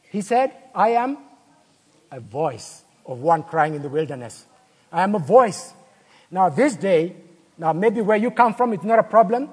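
Preacher guy, kinda high and husky voice, long echo like a big church hall. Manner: storytelling, acts out quoted voices, rhetorical questions. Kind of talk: sermon.

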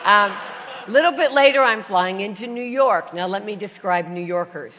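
A Christian woman with a cold preaches a sermon packed with humorous travel stories, doing voices and laughing between lines. Her mid-range voice is a bit bright at normal speed, with slight background noise and long reverb from a large hall.

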